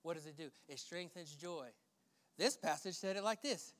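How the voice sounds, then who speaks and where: A male pastor preaching a sermon, swinging between loud emphatic preaching and hushed, prayerful murmurs. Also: on the high side, normal speed. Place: church sanctuary. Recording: long church hall reverb.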